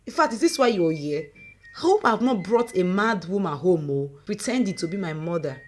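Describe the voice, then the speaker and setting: A woman's voice: on the low side, expressive, moderate pace, a little mellow, slight background noise, close to an everyday voice. A woman voicing a shocked young married daughter who pleads with disbelieving questions.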